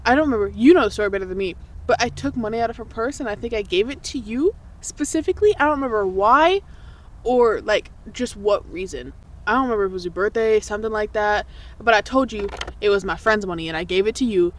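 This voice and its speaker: A young woman co-hosting a podcast, telling childhood stories in casual chat, swearing freely and jumping up in pitch when she quotes people. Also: animated, fast talker. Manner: swearing, laughing, jumps high for quoted voices. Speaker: podcast co-host.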